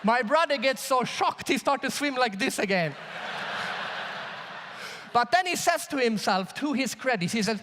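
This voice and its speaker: Animated man speaking in a big hall. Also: very high-pitched, normal speed, long pauses. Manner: animated storytelling with audience questions. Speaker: keynote speaker. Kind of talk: live conference keynote. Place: large conference hall. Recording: long reverb of a large hall.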